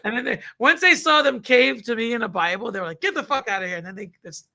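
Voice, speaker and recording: A man's voice: very high-pitched, fast talker, creaky, pushed and bright. A man, co-hosting a podcast in casual chat, laughing often as he tells and reacts to stories. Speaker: podcast co-host.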